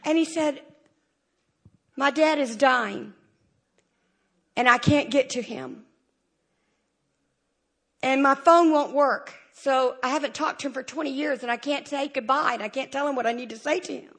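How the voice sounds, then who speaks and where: A woman giving a lively, humorous church testimony and acting out the dialogue as she goes. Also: sits high, measured pace, pauses often. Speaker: church speaker sharing a testimony. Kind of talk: animated storytelling testimony.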